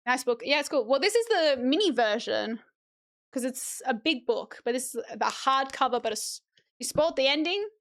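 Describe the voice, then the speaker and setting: A woman's voice: high-pitched, animated, moderate pace, fairly bright tone. A young woman streaming casually, chatting and reading a children's book aloud in a playful way, swearing for laughs. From Australia.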